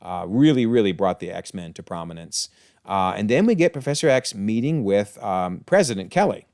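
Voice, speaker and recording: A man's voice: fairly low pitch, animated, moderate pace, gravelly, darkish tone, no echo, clean studio sound. A man giving a casual, enthusiastic episode breakdown, chatty with frequent exclamations and chuckles. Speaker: TV episode reviewer.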